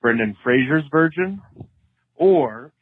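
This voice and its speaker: A man's voice: on the high side, expressive, takes it slowly, no room sound. A man from Colorado leaving a friendly, upbeat voicemail for a podcast. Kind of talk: casual voicemail message. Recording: tinny phone line.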